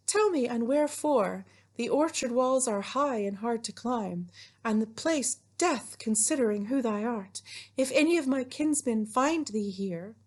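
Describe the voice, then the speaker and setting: A woman's voice: on the high side, lively intonation, a little slow, a little mellow, voice pushed up. A woman voicing young Juliet, reading her lines in a raised, theatrical voice. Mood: wary. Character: young Juliet, wary and practical girl.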